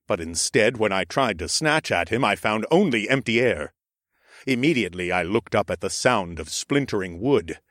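A man narrating a first-person audiobook in an expressive, sardonic storytelling manner. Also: lowish voice, no echo, studio quality.

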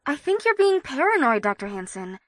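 A woman's voice: high voice, sing-song, a little fast, a bit bright, no echo. An actress playing a stubborn young woman graduate student, earnest and defensive. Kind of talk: audio drama acting.

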